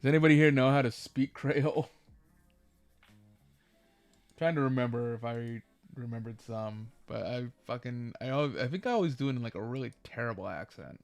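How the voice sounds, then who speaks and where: A man streaming a game live, chatting casually and thinking aloud with many halting restarts. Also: medium pitch, gravelly, faint music behind.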